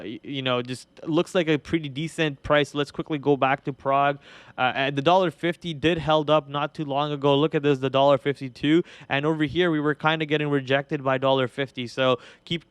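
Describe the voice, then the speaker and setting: A man's voice: medium pitch, a bit bright, smooth, no room sound. A young man with an Indian accent hosts a live trading show, talking casually through charts with lots of fillers and restarts. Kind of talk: live market commentary.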